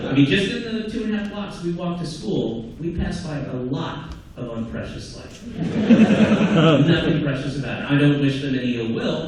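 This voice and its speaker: A man's voice: fairly high pitch, big pitch swings, moderate pace, recorded from a distance. A man performing live stand-up comedy in a sardonic, conversational way, slipping into mocking acted-out asides. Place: large theatre stage. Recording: echoey live theatre recording from afar, audience noise. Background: audience laughter.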